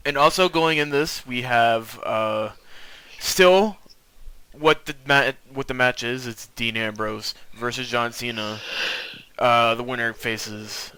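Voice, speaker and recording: A young man hosts a casual wrestling chat, his voice bright and ringing clear. He rambles along with plenty of fillers and restarts and laughs easily. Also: medium pitch, takes it slowly, dry recording, low-quality recording. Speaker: podcast host.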